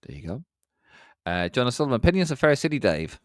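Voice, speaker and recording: A man's voice: fast talker, dry recording, studio quality. An Irish man co-hosting a casual football podcast, chatting and reading out listener comments. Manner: animated, jumps in pitch, reads out listener comments. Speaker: podcast co-host.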